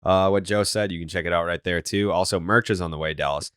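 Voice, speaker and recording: A man hosting a sports podcast in casual, animated chat, ranting and swearing. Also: low-pitched, fast, smooth, no echo, clean studio sound. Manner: animated, profane, rants in put-on quotes. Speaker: podcast host.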